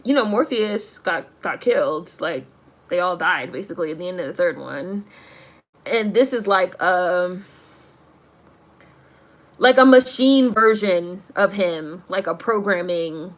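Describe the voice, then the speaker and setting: A woman's voice: mid-range voice, fairly bright tone. A woman casually ranting to her stream chat about a movie, swearing, laughing and saying "like" constantly. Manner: profane, exasperated, laughs while ranting; heavy use of "like". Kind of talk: casual rant to a live chat.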